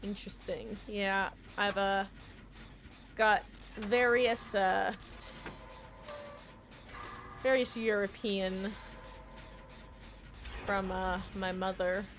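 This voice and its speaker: A woman's voice: mid-range voice, fairly even intonation, slow pace, long pauses, fairly bright tone, a little hiss or hum. A woman in her thirties chatting casually while streaming a game, rambling with lots of ums and likes. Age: 30s. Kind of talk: casual live-stream chat while gaming.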